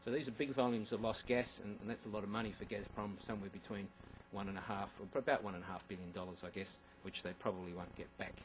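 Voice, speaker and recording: Fast-talking man giving a slide presentation. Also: fairly low pitch, fairly even intonation, rough recording. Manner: wry asides, frequent ums and restarts. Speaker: conference speaker.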